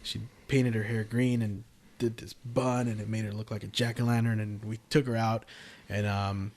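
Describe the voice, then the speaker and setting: A man's voice: fairly low pitch, flat delivery, moderate pace, darkish tone. A man from the San Francisco Bay Area telling a story on a casual podcast, rambling with frequent restarts. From San Francisco Bay Area, California.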